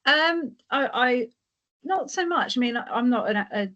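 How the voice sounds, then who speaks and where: A woman's voice: high voice, animated, unhurried, fairly bright tone. A woman guest in a casual group chat, telling anecdotes in a chatty way. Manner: chatty storyteller, tells anecdotes. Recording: slightly dull lo-fi sound.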